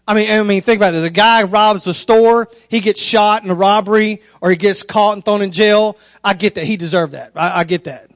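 Man, 30s, preacher, storytelling sermon, high voice, dry close sound. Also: normal speed, few pauses, no room sound. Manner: folksy, conversational storyteller, voice rises high when excited.

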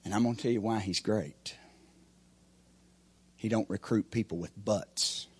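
A man preaching a sermon as pastor, with folksy grammar, swinging from shouted peaks to hushed, quiet lines. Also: lowish voice, unhurried, husky.

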